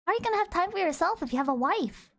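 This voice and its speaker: A woman's voice: very high-pitched, expressive, rapid-fire, fairly bright tone. A woman hosting a casual game stream, talking in a blunt, crass, teasing way. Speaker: streamer host. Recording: game music behind.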